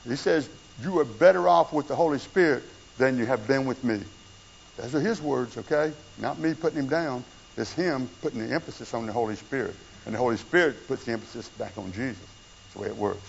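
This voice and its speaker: A male pastor preaching a conversational sermon, swinging between hushed low passages and raised emphatic ones. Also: gravelly, slight background noise. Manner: conversational preaching with wide swings in pitch and loudness. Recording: dull lo-fi church recording with faint room sound.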